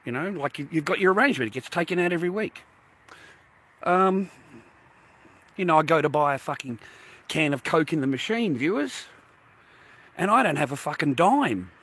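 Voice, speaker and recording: A man films himself walking outdoors, ranting indignantly at the camera to his viewers and cursing nonstop. He sounds fairly high and bright, talks expressively and fairly quickly, and leaves long pauses.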